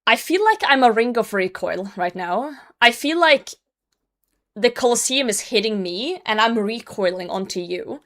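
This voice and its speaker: A woman's voice: on the high side, expressive, normal speed, fairly bright tone. A young woman streaming a game, chatting casually with viewers, blunt and self-mocking, laughing often and swearing when frustrated. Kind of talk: casual live game commentary.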